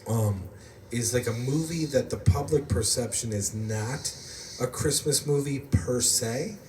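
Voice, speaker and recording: With a mid-range, slightly mellow voice and a somewhat slow delivery, a US podcast host chats casually, wandering through stories and laughing often. The audio sounds roomy, as if from a far-off mic, with faint background noise.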